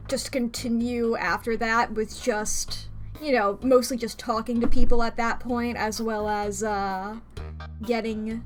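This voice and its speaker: A young woman streaming a video game, rambling casually and laughing often. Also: on the high side. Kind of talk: casual gameplay chat.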